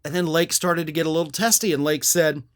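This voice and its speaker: A man's voice: fairly high pitch, fairly even intonation, quick pace, fairly bright tone. A man hosting a political commentary show, talking in an indignant, sarcastic way and reading out quotes at length.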